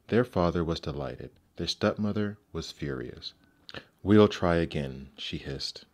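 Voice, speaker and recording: A man narrating classic fairy tales aloud in a measured, gentle storybook manner. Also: sits low.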